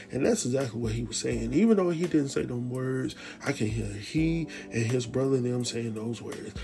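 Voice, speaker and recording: A man casually recapping a TV drama episode, animated and slangy, speaking straight to his viewers. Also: mid-range voice, moderate pace, creaky, hardly any pauses, over music. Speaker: TV recap host.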